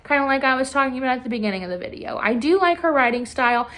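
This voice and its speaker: A woman's voice: high voice, animated, very fast, fairly bright tone. A young woman chatting casually as a book reviewer, filling her talk with constant "like"s. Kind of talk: casual chat.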